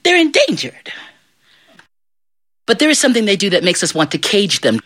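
A middle-aged storyteller performing live for an audience, animated and playful, often stopping to put questions to the room. The voice is bright and swings widely in pitch. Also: normal speed.

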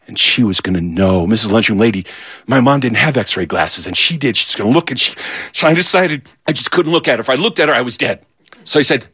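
A man telling a comic childhood story, animated and acting out the voices of the people in it. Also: fairly quick, breathy edge, dry recording, clean studio sound. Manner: animated, acts out voices, big swings in pitch.

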